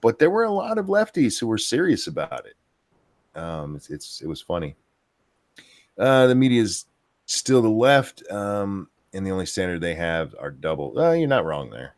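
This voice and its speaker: A man's voice: low-pitched, very animated, normal speed, no echo. A man hosting a casual political chat show, talking in a rambling way with many fillers and restarts. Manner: rambling, filler-heavy delivery. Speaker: podcast host.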